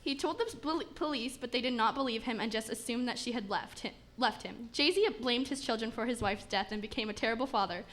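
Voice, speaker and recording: A woman with a somewhat high voice reads a comic fairy tale aloud. She keeps a steady pace, tripping over a word now and then and starting again. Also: brisk, hardly any pauses, slight background noise. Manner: steady reading with small stumbles and restarts. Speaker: story narrator. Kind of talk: reading a comic story aloud.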